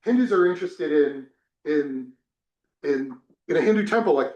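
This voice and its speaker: A man's voice: a little high, moderate pace. A man from New Jersey, a religion professor, teaching a class and telling personal stories with many restarts. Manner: animated storytelling with many restarts. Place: temple classroom. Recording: echoey room.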